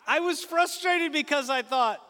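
A man's voice: very high voice, unhurried, big-room sound. A man preaching a sermon in a church, telling stories animatedly and speaking directly to the congregation. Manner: animated storytelling with asides to the congregation. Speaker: pastor. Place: church sanctuary.

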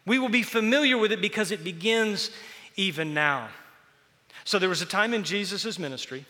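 A man with a high, bright voice preaches to a congregation, animated and joking as he tells stories. The sound carries a long reverb from a large church hall. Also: normal speed. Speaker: pastor. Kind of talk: sermon.

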